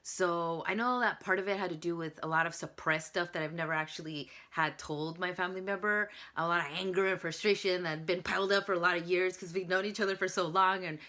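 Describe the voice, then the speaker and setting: A woman's voice: lowish voice, fairly even intonation, brisk, hardly any pauses, pushed and bright. A woman vlogger talking casually to camera, candid and chatty, sharing advice and a personal story.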